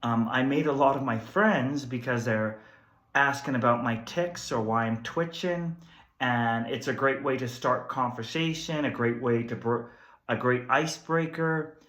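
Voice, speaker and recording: A man's voice: medium pitch, measured pace, fairly bright tone. Young man telling jokey stories, echoey. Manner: jokey, candid, self-deprecating. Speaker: stand-up comedian guest. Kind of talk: comedy sketch storytelling. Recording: roomy echo.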